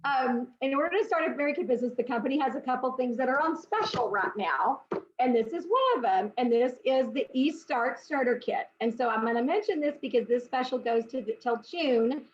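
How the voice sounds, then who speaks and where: Bubbly high-pitched woman host, laughs a lot, dull lo-fi video-call sound. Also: fairly quick, a little hiss or hum. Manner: bubbly, gushing, laughs often. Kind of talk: online business presentation.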